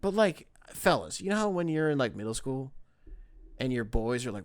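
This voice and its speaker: Excitable, profane man hosting a podcast. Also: medium pitch, normal speed. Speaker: podcast host. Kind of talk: casual solo commentary.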